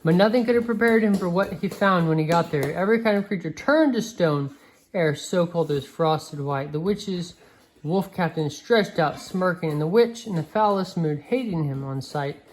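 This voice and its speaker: Low-voiced woman reading a picture book aloud. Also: normal speed, a little mellow, poor audio. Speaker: reader.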